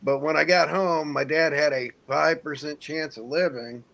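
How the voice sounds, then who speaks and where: A man in his forties from Indiana, a military veteran telling a long story in a relaxed, profane way to friends in a casual hangout. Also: a little high, normal speed, vocal fry. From United States (Indiana). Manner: profane, laid-back storyteller who mimics others.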